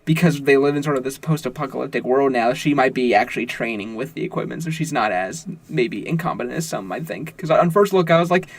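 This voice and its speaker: A man co-hosting a podcast, chatting about a film in an animated, emotional way. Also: medium pitch, quick pace, few pauses. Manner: excitable, animated, emotional storyteller. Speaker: podcast co-host. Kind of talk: casual film discussion.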